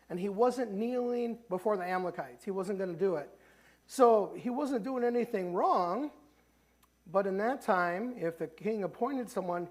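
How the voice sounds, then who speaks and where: A man with a Midwestern American accent preaching a sermon as pastor in a church sanctuary, talking conversationally with many restarts. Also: high voice. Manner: conversational preaching, frequent restarts, voices the characters he retells.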